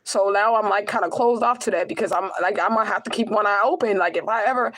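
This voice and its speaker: A woman's voice: medium pitch, fast talker, fairly bright tone, rough recording. A young woman talks to her followers in an emotional personal vlog. Her voice is close to tears, and she speaks in a raw, profane way, circling back to the same phrases again and again as she pleads with her viewers.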